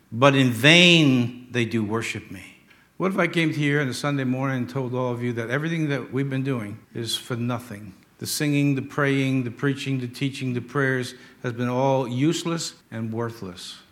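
A middle-aged man preaching a sermon as pastor of a church, emphatic, swinging from loud, drawn-out lines to hushed asides. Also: medium pitch.

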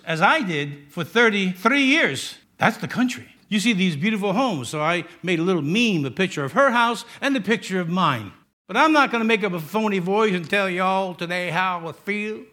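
Middle-aged pastor, New York accent, ringing tone, chatty sermon full of wisecracks. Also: male voice, high-pitched, expressive, moderate pace, pushed and bright. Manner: joking, conversational preaching with asides.

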